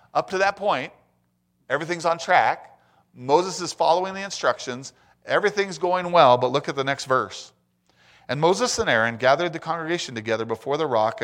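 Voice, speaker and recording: A middle-aged man preaching a sermon in church, reading scripture and turning to the congregation with lively asides. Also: mid-range voice. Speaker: pastor.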